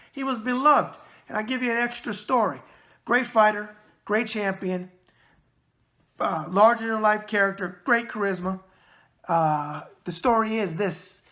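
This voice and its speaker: Brash New York man hosting a show. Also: sits high. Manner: brash, animated, repeats catchphrases, wisecracking. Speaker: show host. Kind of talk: casual video mailbag show.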